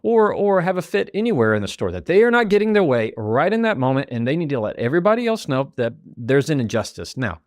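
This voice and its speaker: A man's voice: medium pitch, fast, few pauses, no echo, studio quality. A man, hosting a motivational podcast and acting out quoted voices. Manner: animated, acts out quoted voices. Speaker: podcast host.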